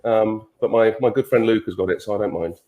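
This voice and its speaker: A man's voice: fairly low pitch, fast, narrow, tinny audio. A man answering fan questions as an actor guest on a panel, laid-back and joking, with frequent stammered restarts. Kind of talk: casual panel chat. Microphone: video call.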